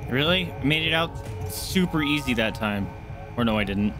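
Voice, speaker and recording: A man's voice: medium pitch, lively intonation, moderate pace, music in the background. A man hosting a let's play, commenting on a horror game with sarcasm and frequent swearing. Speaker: gaming channel host.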